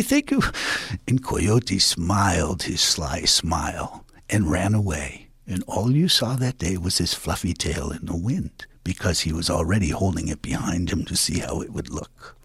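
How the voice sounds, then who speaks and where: A man telling a folk tale in a playful, hushed way, often sinking to a whisper. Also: low-pitched, expressive, moderate pace, hardly any pauses, breathy edge, dry recording. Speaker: storyteller.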